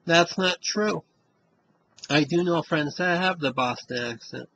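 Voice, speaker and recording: A man with a Western Massachusetts accent blended with a Central Florida accent talks straight to the camera in a loose, rambling vlog style. His voice is bright and forward, and he takes his time, drawing each sentence out slowly. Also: on the high side, gravelly, dull audio, slight background noise. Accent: Western Massachusetts mixed with Central Florida. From Springfield, Massachusetts. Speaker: vlogger. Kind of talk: casual talk to camera.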